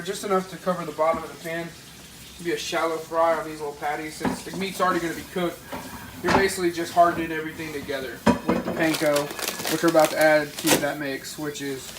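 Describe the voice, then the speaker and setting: A man, chatting informally to viewers in a casual cooking vlog from his parents' kitchen. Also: a little high. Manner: rambling, informal, talks straight to viewers. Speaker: fishing vlogger. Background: faint household noise.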